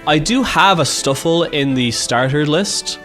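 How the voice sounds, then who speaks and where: An Irish man giving casual, excitable gameplay commentary, swearing freely and thinking aloud as he plays. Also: on the high side, a little slow, faint music behind. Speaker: gaming YouTuber.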